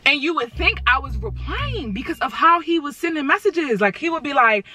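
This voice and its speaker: A woman's voice: high-pitched, sing-song, moderate pace, pushed and bright. A young woman telling a casual storytime from inside her car, dramatic and sassy, talking straight to her viewers.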